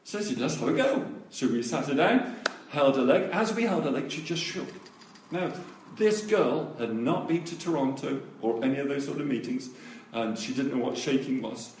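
A man preaching, telling a testimony story with animated delivery and acted-out voices. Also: medium pitch, moderate pace, a little hiss or hum. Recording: echoey room, voice from a distance.

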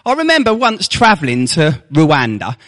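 A man's voice: a little high, huge pitch swings, normal speed, bright, forceful tone. A man preaching a sermon to his congregation, with rhetorical questions and mocking asides.

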